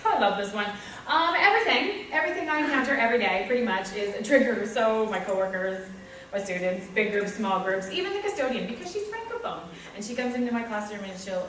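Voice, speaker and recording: A woman's voice: on the high side, expressive, brisk, a bit bright, a little hiss or hum. Candid Canadian woman in an echoey room. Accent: Canadian English. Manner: candid, self-deprecating, with acted-out asides. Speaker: teacher. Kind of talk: reflective talk on her teaching practice. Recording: echoey room, speaker far from mic, faint ambience.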